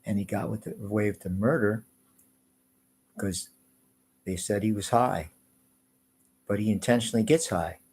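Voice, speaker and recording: Guy ranting and swearing, kinda low voice, rambles all over. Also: fairly even intonation, moderate pace, long pauses, darkish tone, breathy edge. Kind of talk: angry profane rant.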